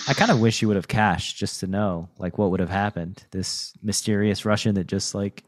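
A man hosting a podcast, asking relaxed questions and chuckling along with his guest. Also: on the low side, normal speed, dry recording. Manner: laid-back, chuckling interjections. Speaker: podcast host. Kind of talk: casual interview chat.

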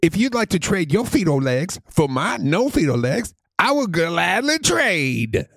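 A man's voice: high-pitched, sing-song, measured pace, gravelly, no echo, studio quality, full character voice. A man voicing a legless adult man in a loose, sing-song put-on accent, cheerfully offering to trade his lack of legs. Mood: jokey.

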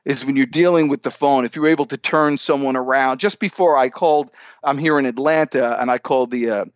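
A man's voice: medium pitch, a little fast, no echo, muffled recording. A man who is a sales coach, telling upbeat stories in a podcast interview and acting out the dialogue while he stands. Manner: animated, upbeat storyteller who acts out dialogue.

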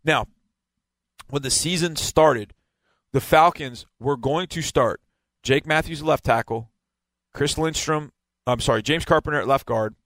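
A man's voice: a little high, measured pace, long pauses, fairly bright tone, dry recording. A man giving a casual football breakdown, explaining and stressing key words again and again. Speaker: football analyst.

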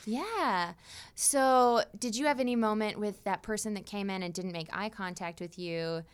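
A woman's voice: mid-range voice, normal speed, clean tone. A young woman from the United States hosting a casual chat, joking and laughing often. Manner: playful, laughs often, jokey. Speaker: podcast host.

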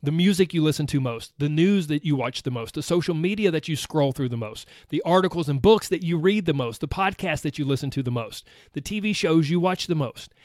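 A man's voice: on the high side, lively intonation, fairly quick, hardly any pauses, a little mellow, no room sound, studio quality. A man hosting a motivational podcast, talking earnestly and acting out his listeners' objections. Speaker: podcast host.

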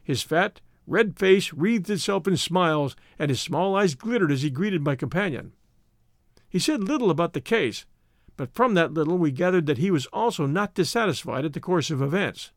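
A man narrates a classic detective story in a steady, measured way, his voice high and lively. The sound is dry and close to the mic, as in a booth recording. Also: no room sound. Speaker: audiobook narrator.

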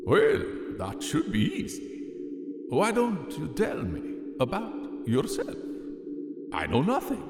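A man's voice: on the high side, huge pitch swings, takes it slowly, long reverb tail, soft background music, voice pushed up, full character voice. A man voicing a friendly, enthusiastic male fruit bat who speaks with formal, old-fashioned courtesy, in a storybook reading. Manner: formal old-fashioned phrasing, gently curious. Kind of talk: audiobook character voice.

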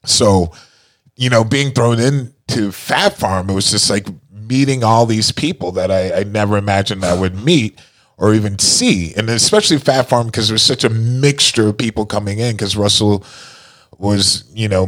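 Low-voiced man telling his story. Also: a bit bright. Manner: halting, full of fillers and repeated starts. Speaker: guest. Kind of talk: storytelling in casual conversation.

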